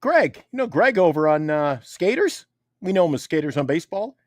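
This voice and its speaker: A man's voice: on the high side, big pitch swings, a little fast, no room sound, clean studio sound. A middle-aged man co-hosting a sports talk show, chatting casually and laughing easily. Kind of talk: casual banter.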